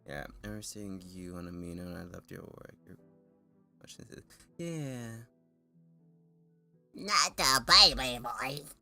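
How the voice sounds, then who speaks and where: A man with a deep voice chats to his stream viewers, his pitch swinging animatedly as he rambles. He laughs often, trips over restarts and sounds a bit nervous, with faint music playing underneath. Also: expressive, moderate pace, gravelly, a little mellow. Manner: self-consciously nervous. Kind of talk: casual chat with viewers.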